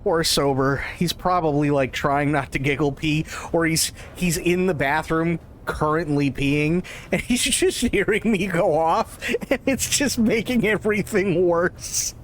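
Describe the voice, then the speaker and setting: A man's voice: fairly high pitch, unhurried, hardly any pauses, slight background noise. A man streaming a role-play game, rambling through jokes with frequent laughter and casual swearing.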